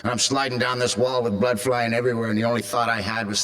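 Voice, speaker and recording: A man's voice: mid-range voice, little pitch movement, quick pace, a bit bright. A man in his fifties from California, speaking to a convention crowd and telling a raw, darkly funny personal story. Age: 50s. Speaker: recovery meeting speaker.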